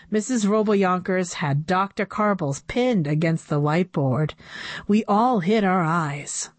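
A woman reading a children's chapter book aloud with expressive storytelling. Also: fairly low pitch, a little slow, no room sound.

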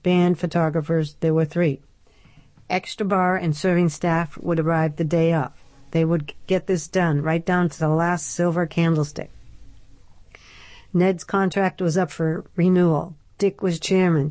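A woman narrating a novel in a steady, measured storytelling voice. Her voice sits on the lower side, and the recording is close and completely dry, with no room at all. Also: no room sound. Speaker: audiobook narrator. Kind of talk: scripted narration.

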